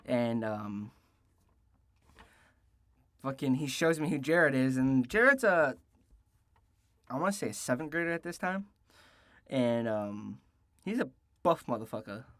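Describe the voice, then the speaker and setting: A man's voice: medium pitch, very animated, a little slow, long pauses, a bit bright, no room sound. Rambling, foul-mouthed teenage guy, dry sound. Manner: rambling and profane, with frequent restarts and fillers. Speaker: storytelling vlogger. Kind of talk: casual story time.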